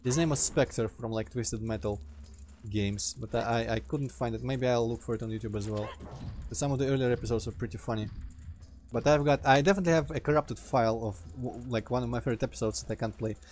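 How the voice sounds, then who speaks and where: A man's voice: mid-range voice, quick pace, slight background noise. Rambling man with a Russian accent. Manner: rambling, self-interrupting, reacts loudly to the game. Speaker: let's play host. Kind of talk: casual gameplay commentary.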